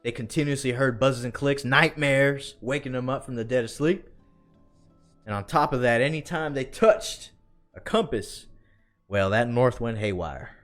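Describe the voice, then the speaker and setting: A man, telling a story in a drawn-out country storytelling voice and often asking "all right?". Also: mid-range voice, fairly bright tone, faint music behind. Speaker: podcast co-host.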